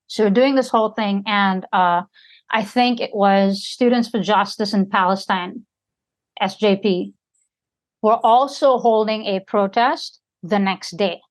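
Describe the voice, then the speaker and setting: A woman's voice: medium pitch, a little slow. A woman guest on a podcast, telling a story in an emphatic way and often checking in with her listeners. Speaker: podcast guest and community organizer.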